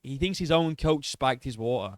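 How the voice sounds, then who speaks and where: A man's voice: medium pitch, animated, moderate pace, dry recording, studio quality. A man giving a mocking, profanity-laced reaction commentary on a video clip. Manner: mocking, sarcastic, swears freely, laughs at the clip.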